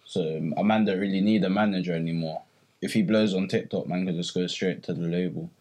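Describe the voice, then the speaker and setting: A man's voice: low voice, fairly even intonation, fairly quick, darkish tone. A man co-hosting a podcast, asking thoughtful, slangy questions. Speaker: podcast co-host. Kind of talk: casual podcast chat.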